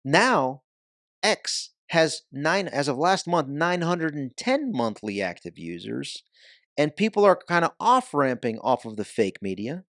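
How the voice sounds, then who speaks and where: Podcast guest: man, slightly high voice, punchy and emphatic, dry close sound. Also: sing-song, a little slow, a bit bright, dry recording. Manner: emphatic, punchy delivery with mocking nicknames. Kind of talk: casual interview talk.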